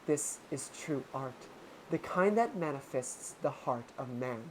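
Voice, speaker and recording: A performer voicing a cold, elegant, scheming woman in a game dub, speaking softly and low with calm menace. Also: unhurried, slight background noise, natural voice, rough recording. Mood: coldly seductive. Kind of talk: dramatic video game voice-over reading.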